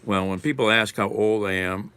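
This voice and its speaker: A man's voice: on the low side, normal speed, bright, forceful tone, clean tone. A man live streaming while eating lunch, chatting casually and wryly answering comments from chat.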